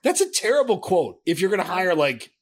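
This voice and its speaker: A man co-hosting a casual sports talk show, animated and profane, often trailing off and restarting. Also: high voice, brisk. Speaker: sports podcast co-host. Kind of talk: casual chat.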